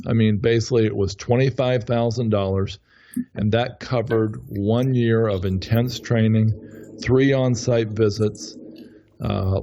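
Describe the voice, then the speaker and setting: A man's voice: lowish voice, dark tone, lo-fi sound. A man talking casually as a podcast guest, rambling and often correcting himself mid-sentence. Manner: rambling, frequent self-corrections. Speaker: podcast guest, real estate investor. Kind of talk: casual interview talk.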